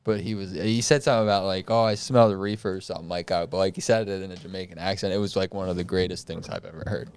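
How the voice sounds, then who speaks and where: A laid-back man co-hosting a podcast and joking through casual chat. His voice sits a little low and sounds smooth and resonant. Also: steady tone, rapid-fire, few pauses, a little mellow. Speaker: podcast co-host.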